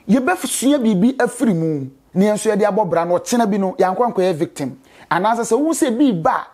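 A host giving calm closing remarks to viewers and asking them to subscribe. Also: medium pitch.

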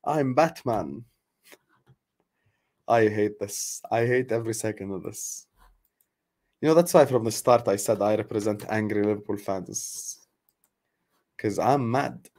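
A man's voice: fairly low pitch, unhurried, pauses often, darkish tone. A young man venting casually to his viewers in a sarcastic, frustrated way, laughing at times and trailing off into sighs. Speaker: football fan vlogger. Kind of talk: casual ranting chat to viewers.

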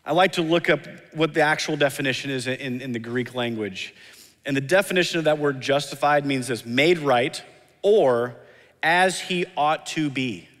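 A man's voice: medium pitch, normal speed, a bit bright. A man preaching a sermon as pastor, earnest and emphatic, often repeating key lines and acting out quoted voices. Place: church sanctuary. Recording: long hall reverb.

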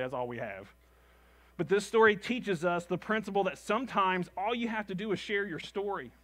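Man, pastor, sermon, high voice, lively, repeats lines for emphasis, acts out quotes. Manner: calls the congregation "gang".

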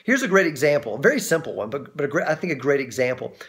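A man teaching on a Bible passage as a pastor, in a conversational way with frequent restarts, lively when he acts out quoted voices. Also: a little high, rapid-fire.

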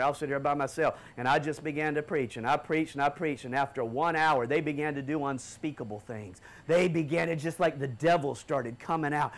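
A man preaching a fiery sermon, dropping to low murmurs and then rising to shouts. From United States.

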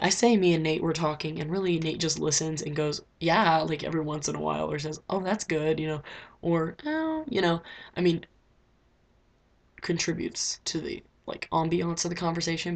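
A teenage girl chats to her webcam in a loose, rambling diary vlog, piling on fillers as she goes. Her voice sits low for a girl, with a husky, gravelly edge. It sounds like a small bedroom recording. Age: teens. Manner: chatty, rambling, lots of "like" fillers. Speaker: vlogger.

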